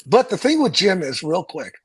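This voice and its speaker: A man, a stunt coordinator, telling profane, lively stories from a film set and acting out other people's lines. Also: high voice, normal speed, husky, low-quality recording.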